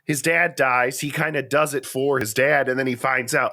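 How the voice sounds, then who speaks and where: A man co-hosting a podcast, talking through a movie in an animated, playful, chatty way. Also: medium pitch, normal speed. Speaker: podcast co-host. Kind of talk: casual chat.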